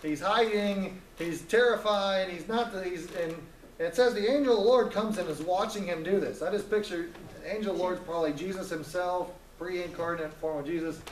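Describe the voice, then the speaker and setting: A man's voice: high voice, moderate pace, echoey room, far from the mic, a little hiss or hum, rough recording. A man teaching a Bible story in a casual, joking way, acting out the characters' lines as he retells it.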